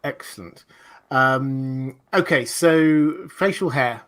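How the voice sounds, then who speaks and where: A man's voice: medium pitch, slow, fairly bright tone. A man hosting a livestream discussion, talking in a rambling, digressive way with many fillers and restarts. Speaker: host.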